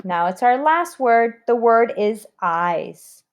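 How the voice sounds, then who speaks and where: Slow-spoken teacher woman, spelling aloud. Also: on the high side, animated, lo-fi sound. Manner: slow, spells words letter by letter. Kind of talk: recorded spelling lesson for children.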